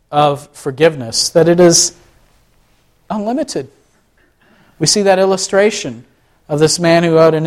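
Man preaching with rhetorical questions. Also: fairly high pitch. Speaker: pastor. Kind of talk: sermon.

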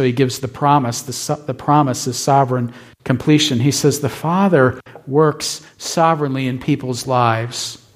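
A male pastor preaching a sermon with emphatic repetition, often checking in with his listeners. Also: mid-range voice. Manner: emphatic, asks the congregation "right?".

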